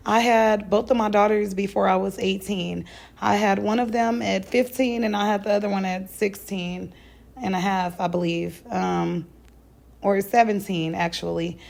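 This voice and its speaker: Hoarse, gravelly-voiced woman chatting while cooking. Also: medium pitch, fairly even intonation, normal speed, darkish tone. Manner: chatty and rambling, says "y'all" often. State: sick, hoarse voice. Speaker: vlogger. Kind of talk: casual cooking vlog chat.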